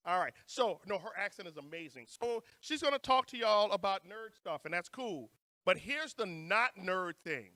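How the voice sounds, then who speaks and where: New orleans guy hyping a crowd, joking around, kinda high voice. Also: expressive, normal speed, bright, forceful tone, no echo, clean studio sound. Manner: playful, joking banter with the crowd. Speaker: conference emcee. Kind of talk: hyping up a live audience.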